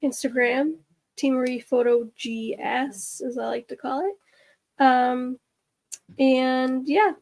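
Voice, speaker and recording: A woman guest on an online podcast, speaking slowly and calmly in a high voice as she tells people where to find her. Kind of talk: casual chat.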